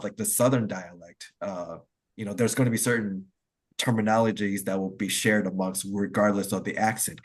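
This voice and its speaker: A man talks in a casual online discussion, his voice low and a little husky. He explains things loosely and at length, circling back with plenty of "like" and "um" fillers, and sounds like he is on a video call. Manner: rambling, explanatory, heavy use of "like" and "um". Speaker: discussion participant.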